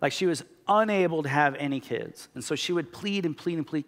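A pastor giving a sermon, telling stories in a casual, animated way with lots of filler words. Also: male voice, a little high, fairly quick, hardly any pauses. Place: church auditorium. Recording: long hall reverb.

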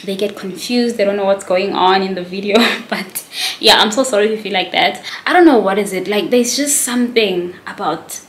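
A woman's voice: medium pitch, normal speed, a bit bright. Casual vlogger, woman, 20s, mid-range voice, self-conscious rambling delivery, echoey room. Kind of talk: casual vlog chat to camera.

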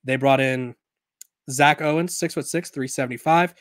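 A man's voice: mid-range voice, moderate pace, dry recording, clean studio sound. A man hosting a sports podcast in a casual, conversational way, often restarting and correcting himself, while he has the hiccups. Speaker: podcast host.

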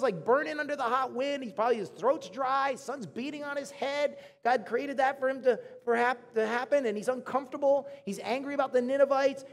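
A pastor in his thirties preaches a casual, conversational sermon to his congregation, often acting out the voices of people in his story. His voice is very high, and the recording has a long reverb tail.

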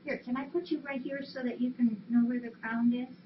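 A woman's voice: on the high side, steady tone, brisk. A woman volunteering at a cat rescue, chatting casually on a live stream and cooing affectionately at the cats. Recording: dull lo-fi stream audio, faint hiss.

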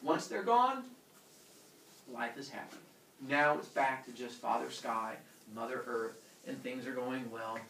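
A man teaching a class, retelling a myth in a jokey, animated way and acting out the characters. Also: medium pitch, a little slow, vocal fry, slight background noise. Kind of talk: classroom storytelling. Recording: echoey classroom from far off.

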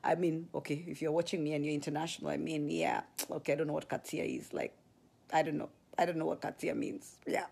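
A woman with a Kenyan accent, chatting on a live stream, very expressive and gasping as she tells stories. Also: low-pitched, quick pace, vocal fry, slightly rough. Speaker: ministry leader. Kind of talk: casual live-stream chat.

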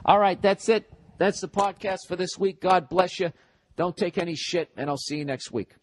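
A man's voice: high voice, normal speed. Foul-mouthed man rambling on a podcast. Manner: profane, rambling and sarcastic. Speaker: podcast host. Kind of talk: casual solo podcast monologue.

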